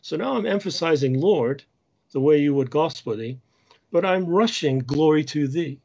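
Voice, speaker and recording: A man giving a lecture on church music, measured and explanatory, singing short chant phrases as examples. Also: on the high side, expressive, gravelly, a little mellow, dull audio.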